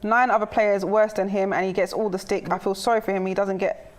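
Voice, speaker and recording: A woman's voice: medium pitch, fairly even intonation, a little fast. A woman co-hosting a fan talk show, chatting casually, laughing often and reading out viewer comments. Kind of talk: casual chat.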